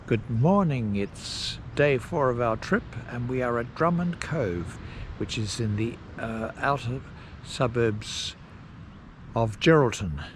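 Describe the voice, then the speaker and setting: A man casually narrating a road trip outdoors, rambling with pauses and fillers. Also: mid-range voice, expressive. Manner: slow, rambling, pausing with fillers. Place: outdoors at campsites and parks. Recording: noisy outdoor recording.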